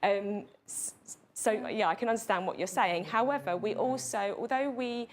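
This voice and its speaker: A woman's voice: mid-range voice, moderate pace. A woman with a British accent, a computing curriculum specialist answering questions in a panel discussion in an earnest, explanatory way.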